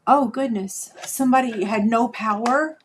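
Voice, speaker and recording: A woman's voice: a little high, moderate pace, a little hiss or hum. A woman, hosting a live craft demonstration, chatting folksily with viewers as she works. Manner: chatty, folksy, talks to viewers while working. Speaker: crafting livestream host.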